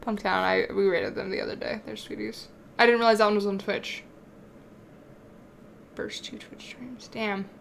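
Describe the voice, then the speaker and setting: A woman's voice: mid-range voice, a little fast, gravelly, slight background noise. A young woman live-streaming a game, chatting casually, swearing freely and bantering with her chat. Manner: excitable, swears freely, talks back to chat.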